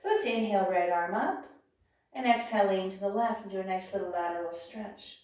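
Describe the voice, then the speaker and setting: A woman leading a yoga class with calm, encouraging cues, sometimes losing her voice. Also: medium pitch, fairly quick. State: clearing her throat, losing her voice. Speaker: yoga instructor. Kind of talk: guided yoga class instruction. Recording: very echoey room, voice from far off.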